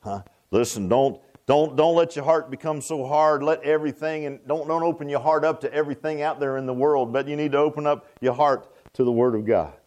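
Preacher guy, high voice, folksy and repetitive, keeps going "huh?" at the crowd. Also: a little fast, few pauses, darkish tone, lo-fi sound. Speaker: pastor. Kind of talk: sermon.

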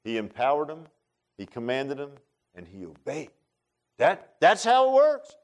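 A male pastor preaching a sermon in an animated, informal way, often repeating words and making joking asides to the congregation. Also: on the high side, unhurried.

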